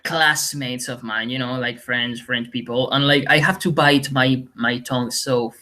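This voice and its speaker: A man's voice: medium pitch, fairly even intonation, a little slow, bright, forceful tone. A man from Spain co-hosting a podcast, rambling and swearing freely in casual chat, often laughing as he talks. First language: Spanish. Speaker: podcast co-host.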